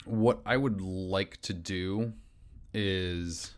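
A man's voice: low-pitched, fairly even intonation, drawn-out words, clean tone. A man playing a tabletop game, thinking aloud in a casual way. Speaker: player.

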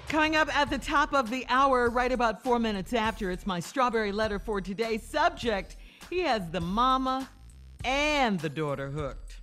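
A woman's voice: on the high side, animated, normal speed, a bit bright, soft background music. A woman co-hosting a morning radio show, introducing segments and teasing the crew. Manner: laughing, teasing. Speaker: radio co-host.

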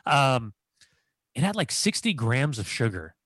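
A man's voice: mid-range voice, sing-song, measured pace, a bit bright, no room sound. A man co-hosting a podcast, a former footballer who tells stories animatedly and slips into impressions. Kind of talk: casual chat.

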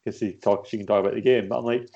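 A man telling animated anecdotes in casual chat and swearing freely. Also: fairly low pitch, racing. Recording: dull lo-fi sound.

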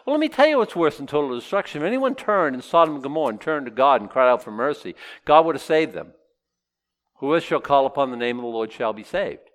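A man's voice: fairly high pitch, fairly bright tone. A man preaching a casual, humorous sermon, stopping to joke and voice imagined objections. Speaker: pastor. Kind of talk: sermon with verse-by-verse teaching.

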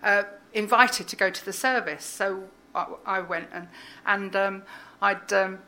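A woman poet reading her poem aloud, then chatting as a guest in a halting way with frequent fillers. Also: mid-range voice, pushed and bright. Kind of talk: poetry reading and casual interview chat.

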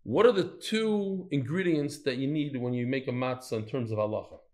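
A man teaching a lively Talmud class to a live audience, quizzing his listeners and telling stories as he goes. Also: mid-range voice, normal speed. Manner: animated, storytelling, quizzes the listeners.

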